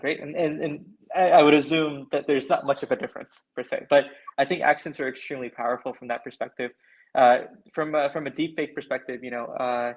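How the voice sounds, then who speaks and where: A man from Canada, mid-range in voice, takes part in an online panel, giving long explanations and often checking in with "right?". The video-call audio is rough.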